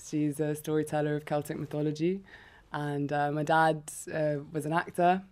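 A woman's voice: deep voice, level tone, moderate pace, a little mellow. A woman from England with Irish parents, a writer and performer answering questions in a radio studio, self-deprecating and giggly, with many fillers. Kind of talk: radio interview.

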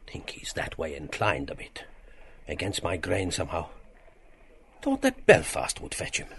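A man's voice: low-pitched, vocal fry, slight background noise, full character voice. An actor playing a polite, reflective middle-aged man who muses aloud with hesitations.

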